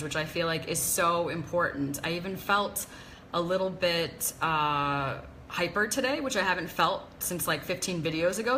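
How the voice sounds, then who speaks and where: Bright-voiced woman on a chatty live stream. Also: low voice, slight background noise, rough recording. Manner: chatty, confessional, greets viewers by name. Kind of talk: casual live-stream talk.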